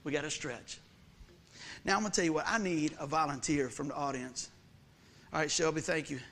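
Man, preacher, high voice, energetic, calls out to crowd. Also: fairly quick. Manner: energetic, calls out to the congregation, repeats phrases. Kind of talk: lively sermon with audience.

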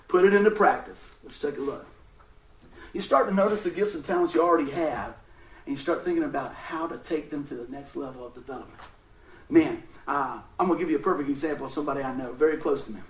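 A man's voice: sits high, roomy sound, distant mic, slight background noise, poor audio. A man preaching a casual, folksy sermon, telling stories and laughing often.

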